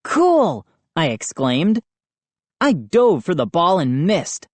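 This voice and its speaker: A woman narrating a children's horror audiobook in an expressive, unhurried reading. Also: low-pitched, dry recording. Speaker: audiobook reader.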